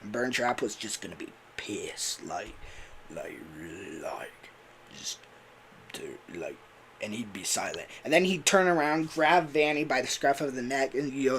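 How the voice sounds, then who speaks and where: A man's voice: mid-range voice, expressive, moderate pace, fairly bright tone, slight background noise. A man who voices characters, chatting casually on a livestream in a rambling way with lots of fillers. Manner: rambling, full of fillers and laughs. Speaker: voice actor and streamer.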